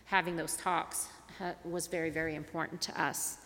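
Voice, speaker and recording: A middle-aged woman gives a talk as an interfaith advocate, telling a personal story. Her voice is bright and clear. She acts out each exchange as she tells it, and her words ring with a long reverb in a large hall. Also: sits low, normal speed, slight background noise. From Tulsa, Oklahoma. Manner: animated storyteller, acts out dialogue.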